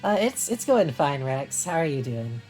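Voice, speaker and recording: Low-voiced woman chatting on a stream. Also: big pitch swings, normal speed, a little mellow, soft background music, rough recording. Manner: chatty, filler-heavy, amused. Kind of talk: casual chat over a game stream.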